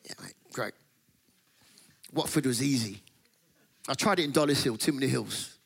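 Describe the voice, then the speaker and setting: A man's voice: medium pitch, moderate pace, creaky, breathy edge. A middle-aged man preaching a sermon, telling stories with laughter and acting out the voices of the people in them. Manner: animated, laughs often, acts out voices in stories. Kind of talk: sermon with comic storytelling.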